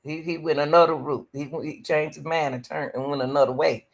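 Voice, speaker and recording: A woman's voice: sits low, fairly even intonation, fairly quick, vocal fry. A woman hosting a reaction stream, pleading and preaching as she comments on a video, often calling out to the Lord.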